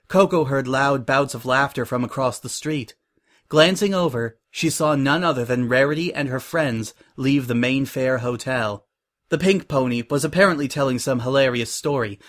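Male narrator, mid-pitched, steady storybook reading. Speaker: reader.

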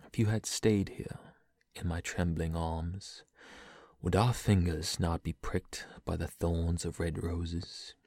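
A young man reading poems aloud in a soft, slow, breathy whisper, in the style of ASMR. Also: low voice, little pitch movement, dry recording, studio quality. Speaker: poetry reader.

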